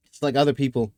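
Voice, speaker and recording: A man's voice: mid-range voice, darkish tone, dry recording, clean studio sound. A man commenting casually on a clip, rambling and searching for words with lots of fillers.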